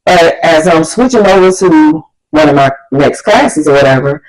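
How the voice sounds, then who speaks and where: Woman vlogger, casual storytelling, animated, slangy, acts out quotes. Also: deep voice, normal speed, poor audio.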